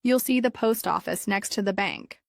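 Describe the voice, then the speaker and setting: Woman doing a friendly shopkeeper guy giving directions, polite and clear, dry close sound. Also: mid-range voice, moderate pace, dry recording, natural voice. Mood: helpful.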